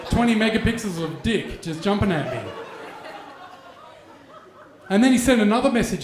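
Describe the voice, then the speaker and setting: A man in his forties tells a crude stand-up story with a high voice. He is animated and jumps into mock voices. The sound is roomy, as in a live venue. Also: brisk, pauses often, a crowd in the background. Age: 40s. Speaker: stand-up comedian. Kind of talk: stand-up comedy set. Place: stage in a venue with an audience.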